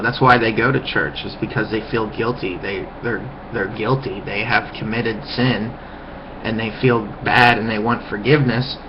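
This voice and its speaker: A vlogger delivers a heated, profane rant in a mid-range male voice. It was recorded on a webcam mic, so the audio is muffled and lo-fi, with a noisy background.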